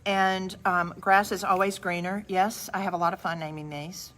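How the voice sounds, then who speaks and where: A middle-aged woman hosts a live craft demonstration in her studio, chatting with viewers while she works. Her lowish voice is fairly even at normal speed, with a little hiss or hum, and she makes chatty, warm asides.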